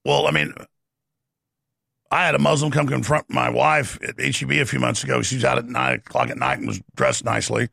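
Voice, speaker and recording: A middle-aged man hosting a talk show, delivering a forceful, rapid, ranting monologue from a studio. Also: mid-range voice, lively intonation, creaky, no echo. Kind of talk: impassioned talk radio monologue.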